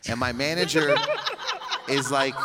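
A man's voice: mid-range voice, slow, very noisy. A young man telling a long comedic story on stage, rambling, swearing and laughing often.

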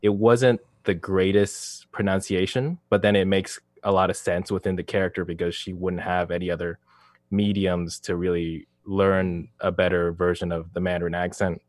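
A man on a podcast, calmly talking through his views in a measured, analytical way. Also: sits low, no echo, clean studio sound. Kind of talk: casual podcast chat.

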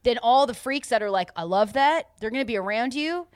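A woman's voice: on the high side, expressive, a little fast, smooth, no echo, clean studio sound, close to an everyday voice. A woman voicing a cheeky twelve-year-old boy podcaster who blurts things out, giggles and rambles. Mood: boastful, gossipy. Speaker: podcast guest. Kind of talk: improvised comedy podcast.

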